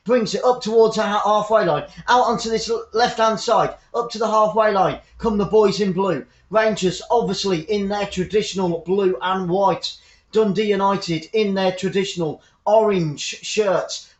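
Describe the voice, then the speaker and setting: A man's voice: high-pitched, measured pace. A man hosting a live fan football commentary stream, upbeat and chatty, greeting viewers by name. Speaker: football commentator and channel host. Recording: echoey room, dull lo-fi sound.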